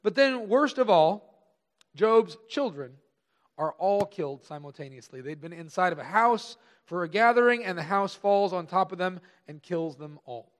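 A pastor preaching a conversational sermon, stressing key words slowly and trailing off softer at the ends of phrases. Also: male voice, high voice. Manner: conversational, pausing with emphatic slow stresses.

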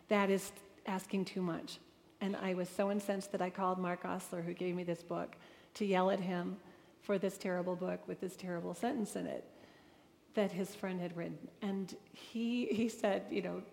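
A woman's voice: fairly low pitch, fairly even intonation, moderate pace, vocal fry, a little mellow. A woman giving a personal testimony talk to an audience, telling her story earnestly and emotionally with vivid retold dialogue. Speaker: speaker addressing an audience. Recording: long reverb of a large hall.

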